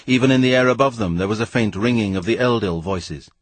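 A man narrating a novel in a wry, measured reading voice. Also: on the low side, husky, dry recording. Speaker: audiobook narrator. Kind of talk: storybook narration.

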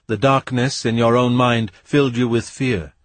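A man voicing an ancient, commanding spirit, speaking slowly and solemnly. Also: medium pitch, fairly even intonation, no room sound, close to an everyday voice. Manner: slow, solemn, measured.

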